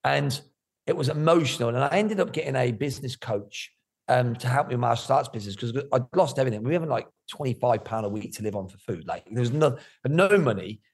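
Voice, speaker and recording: A middle-aged man, talking candidly about his life in an interview, animated and swearing freely. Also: medium pitch, fast talker, vocal fry, slightly rough. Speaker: guest.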